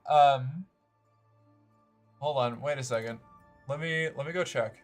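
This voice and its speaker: A man's voice: on the high side, moderate pace, long pauses, faint music behind. A man streaming a game live, rambling and swearing as he plays and chats. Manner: animated, rambling and profane. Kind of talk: live gameplay streaming chat.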